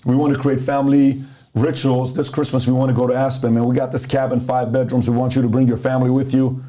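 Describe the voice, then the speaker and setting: A man quoting a wealthy male friend making easygoing invitations, slowing down as he speaks the part. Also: mid-range voice, flat delivery, dark tone, natural voice. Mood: friendly.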